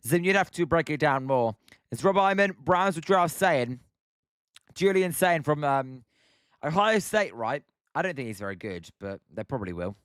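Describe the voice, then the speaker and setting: A man's voice: a little high, lively intonation, normal speed, fairly bright tone, clean tone, no room sound, clean studio sound. A young British man hosting a live stream, calling play-by-play and chatting with viewers by name. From Britain. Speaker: live stream host calling a baseball game. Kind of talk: live play-by-play commentary while reading chat.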